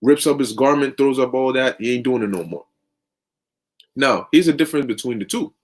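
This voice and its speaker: A man's voice: mid-range voice, a little fast. A man preaching through a long story in casual, slangy, conversational talk. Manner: conversational, lots of fillers and restarts, slang.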